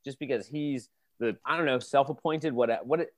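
An improv comedian playing flustered, panicky characters in a comedy scene, voice climbing into shouts. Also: mid-range voice, moderate pace.

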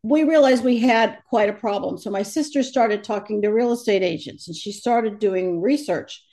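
A woman telling stories as a guest in an interview, animated and quoting others as she goes. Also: medium pitch, moderate pace. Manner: animated storyteller, quotes others in lively voices. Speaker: guest, medium who crosses over the dead. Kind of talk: storytelling in a conversational interview.

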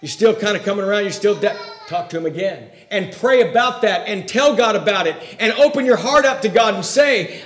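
A man preaching a sermon in a folksy way, swinging between loud emphasis and hushed asides. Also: high voice, expressive, fairly quick, roomy sound.

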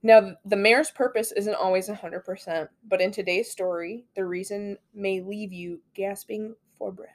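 A hoarse woman on a podcast, telling a spooky story with teasing, dramatic build-up. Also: medium pitch, steady tone, moderate pace, hardly any pauses. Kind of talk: casual storytelling.

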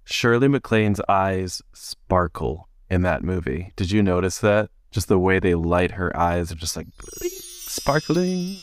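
A man co-hosting a casual podcast, telling stories in an animated way and laughing often. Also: sits low, measured pace, few pauses, smooth, dry recording, clean studio sound. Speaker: podcast co-host. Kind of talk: casual chat. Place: basement podcast room.

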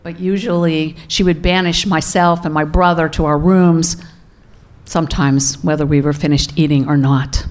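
A middle-aged woman telling a personal story to an audience, deliberate and emphatic, repeating words for stress. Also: low-pitched.

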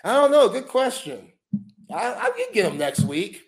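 A man co-hosting a sports podcast, telling a lively story from his college basketball days, laughing often and filling with "like" and "you know.". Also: very high voice, normal speed, vocal fry. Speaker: co-host, former junior college basketball player.

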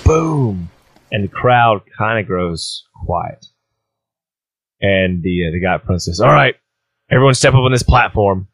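Low-voiced man narrating a game. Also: fairly bright tone, a little hiss or hum. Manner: casual, rambling with many fillers. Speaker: game master.

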